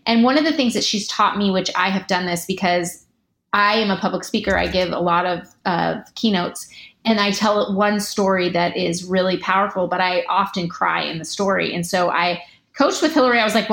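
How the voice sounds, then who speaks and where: A woman physician and public speaker, a guest in an interview, giving earnest, animated advice and acting out quoted lines. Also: medium pitch, normal speed. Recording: roomy echo.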